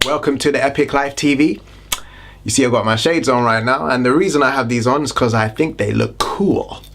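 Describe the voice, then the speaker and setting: A man's voice: mid-range voice, fairly quick, fairly bright tone, slight background noise. A man with a British accent, a wellness vlogger talking casually to camera with chatty, joking, self-deprecating asides. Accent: British English. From Britain.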